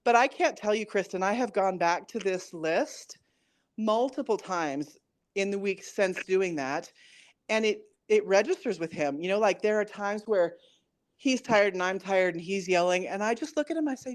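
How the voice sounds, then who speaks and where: A woman's voice: mid-range voice, expressive, moderate pace. A woman chatting casually as a coaching client, telling a story and quoting herself and her son. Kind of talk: casual conversation.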